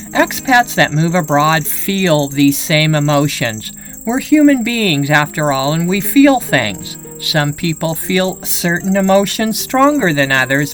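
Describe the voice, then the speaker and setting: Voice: medium pitch, a bit bright, poor audio. A channel host narrating voice-over commentary in an earnest, explanatory manner.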